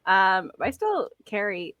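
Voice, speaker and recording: Podcast co-host, woman, lively and swinging pitch, lots of laughter and cursing, dry close mic. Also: slow pace, no echo, muffled recording. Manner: laughing, profane, animated storytelling. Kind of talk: casual chat.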